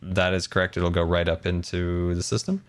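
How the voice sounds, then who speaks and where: A man's voice: deep voice, level tone, moderate pace. A man in his thirties streaming a game, chatting playfully with a friend and putting on a theatrical tone now and then. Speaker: Minecraft streamer. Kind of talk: casual gaming stream chat.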